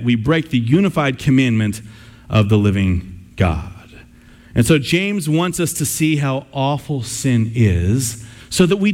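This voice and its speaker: Male pastor, higher-pitched, earnest sermon delivery with playful examples. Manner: earnest preaching with playful illustrations.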